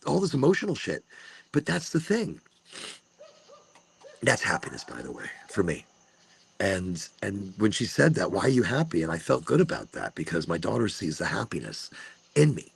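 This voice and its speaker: Gravelly, animated man musing aloud. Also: on the low side. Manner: animated, swears, acts out his own inner talk. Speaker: podcast host. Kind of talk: casual monologue.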